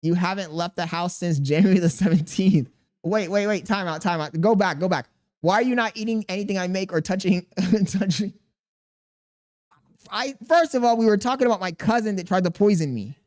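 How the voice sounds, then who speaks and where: A man's voice: high-pitched, fairly quick, a little mellow. A man in his thirties, a streamer reading chat aloud and venting in an exasperated, defensive way with casual slang.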